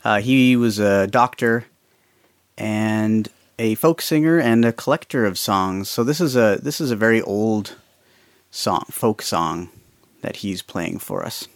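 A man hosts a radio show, chatting casually between songs. He speaks slowly with ums and restarts. The sound is close and dry. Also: fairly low pitch, no echo. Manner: slow, chatty, relaxed introductions with fillers. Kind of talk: casual show hosting for children.

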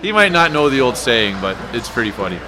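A Canadian man co-hosting a casual live chat show from a sports bar, teasing with dark humor. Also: medium pitch, sing-song, fairly quick, crowd noise. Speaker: podcast co-host.

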